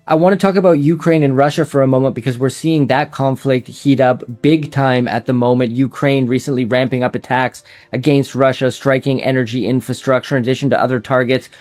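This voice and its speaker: A man's voice: medium pitch, a little mellow. A man hosting an interview, asking long, chatty, run-on questions. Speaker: interview host.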